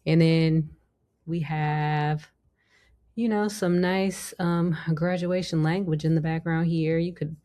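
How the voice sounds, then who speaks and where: A woman's voice: low voice, fairly even intonation, slow, warm tone. A woman hosting a casual design tutorial, chatting through each step as she works at her computer. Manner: chatty, talks through each step with many "you know" and "like". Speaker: tutorial host. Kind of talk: casual screen-recorded software tutorial.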